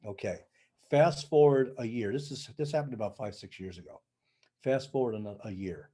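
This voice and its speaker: An older man with a mellow, warm tone, chatting casually as a podcast guest. He tells his story in a lively way, acting out each side of the conversation. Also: mid-range voice, moderate pace. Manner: animated storyteller, acts out dialogue. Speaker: sound healing practitioner, podcast guest.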